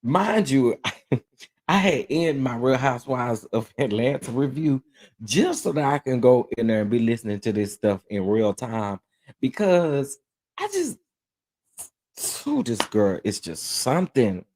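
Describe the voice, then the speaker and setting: A man's voice: medium pitch, unhurried. Sassy guy doing live gossip commentary, laughs a lot, voice jumps way up when hes shocked. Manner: sassy, animated, laughs often, keeps asking "okay?". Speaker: host of a gossip commentary livestream.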